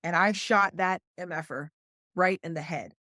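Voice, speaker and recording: A middle-aged woman with a West Virginia accent, a combat flight nurse telling a story as a podcast guest, animated and acting out what others said. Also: lowish voice, moderate pace, no room sound, clean studio sound. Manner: animated, quotes others in lively voices. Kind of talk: conversational storytelling.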